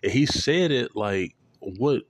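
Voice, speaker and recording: A man's voice: mid-range voice, animated, slow, dry recording. A young man vlogging, telling a rambling story in loose, profane slang full of fillers.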